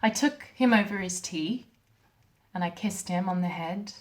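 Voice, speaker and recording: Soft halting young wife, played by an actress. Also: female voice, fairly low pitch, close to an everyday voice, poor audio. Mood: shaken. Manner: soft, hesitant, halting delivery with quiet dips. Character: young wife recording a shaken message to her mother. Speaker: actor in a short film. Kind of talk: dramatic monologue as a video message.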